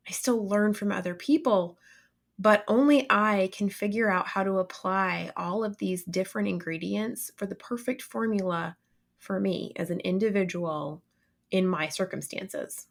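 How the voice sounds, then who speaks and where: A woman's voice: medium pitch, measured pace, creaky. A woman guest on a podcast, speaking earnestly and emphatically, often repeating phrases for weight. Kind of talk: casual podcast conversation.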